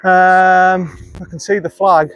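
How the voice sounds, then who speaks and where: A man's voice: high voice, little pitch movement, slow pace, a bit bright, clear, resonant tone, no room sound, highs cut off. A man giving chatty, self-critical commentary while playing a round of golf outdoors, muttering at himself after bad shots. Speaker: golf vlogger. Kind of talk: casual on-course commentary.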